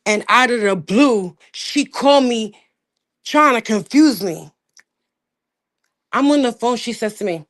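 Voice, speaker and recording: Woman host, casual livestream rant, swearing and emphatic, higher-pitched voice. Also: lively intonation, measured pace, long pauses, no echo. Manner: profane, emphatic, swings from low mutters to loud outbursts.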